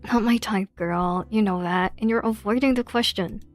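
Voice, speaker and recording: A woman streamer reading the lines of a teasing, excitable young female friend in a story game, with a gossipy, playful manner. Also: mid-range voice, moderate pace, faint music behind, close to an everyday voice.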